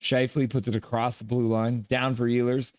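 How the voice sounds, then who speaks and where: A man hosting a live hockey watch-along stream, calling the plays casually, joking with chat and getting loud at goals. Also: medium pitch, brisk, no echo. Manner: excitable, jokey, shouts at goals. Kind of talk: casual play-by-play and chat reading.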